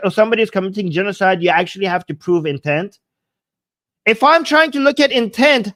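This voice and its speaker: A political commentator reacting to a debate clip, arguing emphatically with rhetorical questions and a mocking edge. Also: medium pitch.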